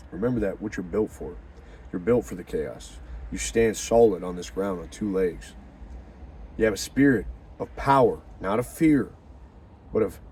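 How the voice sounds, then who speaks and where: A man giving a profane, animated religious pep talk, swinging from loud fired-up bursts to low hushed murmurs. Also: a little hiss or hum. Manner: profane and slangy. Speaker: motivational talker.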